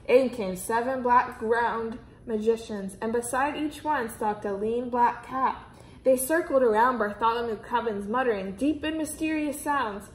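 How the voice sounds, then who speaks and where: A woman reading a children's story aloud, with expressive storytelling. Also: fairly high pitch, normal speed. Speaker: reader. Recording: roomy echo.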